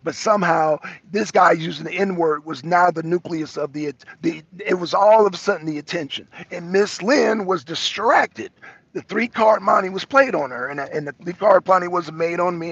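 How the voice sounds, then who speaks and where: A man co-hosting a live show, telling a story in a casual, animated, street-wise way while he walks outdoors and calls in by phone. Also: high-pitched, moderate pace, creaky, breathy edge, no echo. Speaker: show co-host. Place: walking outdoors, arriving somewhere. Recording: dull lo-fi audio.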